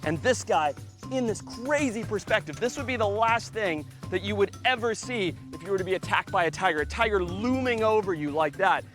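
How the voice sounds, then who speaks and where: A man presenting wildlife on location, excitable and exclamatory, cooing at the animals he is showing. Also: sits high, a little fast, soft background music.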